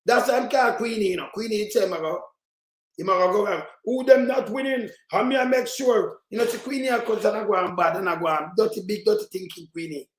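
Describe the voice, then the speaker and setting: A man's voice: high voice, fast, reverberant. A Jamaican man giving heated, mocking commentary in patois as he reacts to played clips. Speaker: political commentator.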